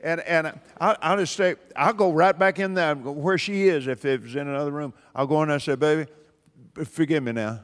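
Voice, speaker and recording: A man's voice: a little high, a little fast, hardly any pauses, fairly bright tone. An older man preaching a sermon in a folksy, emphatic way, repeating phrases for stress. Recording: long hall reverb.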